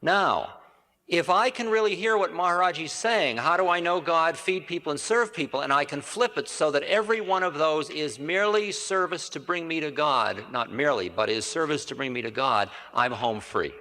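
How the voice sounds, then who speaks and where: A man's voice: fairly high pitch, animated, moderate pace, pushed and bright. A man giving a spiritual storytelling lecture in a rambling, conversational way, correcting himself and adding asides. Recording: reverberant 1980 hall recording.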